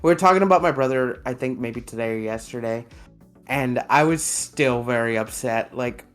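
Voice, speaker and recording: A man's voice: mid-range voice, normal speed, soft background music. A young man co-hosting a podcast in casual chat, rambling, laughing often and swearing. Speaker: podcast co-host.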